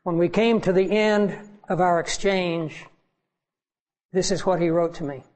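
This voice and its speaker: A man's voice: sits high, fairly even intonation, a little slow, darkish tone, low-quality recording. A man preaching a sermon as pastor, earnest and pleading with his congregation.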